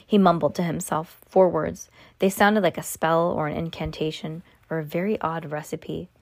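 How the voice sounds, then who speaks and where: A woman reading a storybook aloud, slow and expressive, stumbling now and then. Her voice sits low and the sound is dry and close. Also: creaky, no room sound. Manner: slow, expressive, with small restarts. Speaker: reader. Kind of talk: reading a chapter book aloud.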